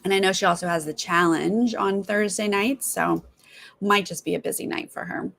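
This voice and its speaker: A woman's voice: mid-range voice, steady tone, moderate pace, vocal fry, fairly bright tone. A woman hosting a live stream, chatting casually with viewers and mimicking other people's voices in her stories. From Los Angeles. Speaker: live stream host reacting to a TV show.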